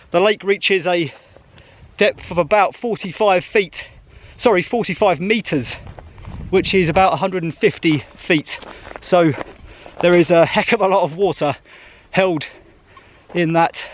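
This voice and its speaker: A man walking outdoors on a mountain trail, chatting casually to a handheld camera as he vlogs his trip, a little out of breath. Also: high-pitched. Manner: chatty, thinking aloud while walking. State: slightly out of breath on a hike. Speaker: travel vlogger. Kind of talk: casual travel vlog narration.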